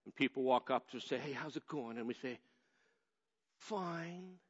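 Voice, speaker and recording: A man's voice: mid-range voice, steady tone, fast talker, slightly rough. A man preaching a sermon in a conversational way that builds to emphatic stretches. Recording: echoey hall, dull lo-fi sound.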